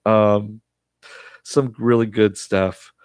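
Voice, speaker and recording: A man's voice: on the low side, steady tone, drawn-out words, darkish tone, clean tone, no echo, clean studio sound. Laid-back man chatting a TV recap. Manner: chatty, laughs often, many fillers. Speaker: TV episode reviewer. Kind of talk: casual spoken recap.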